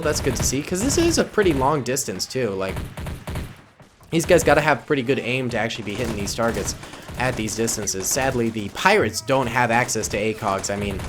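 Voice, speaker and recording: Excitable twenty-something male gaming host, goofy casual commentary, steady mid-range voice, loud game gunfire under the mic. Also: medium pitch. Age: 20s. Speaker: gaming YouTuber. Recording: gunfire and battle noise under voice. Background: game gunfire and explosions.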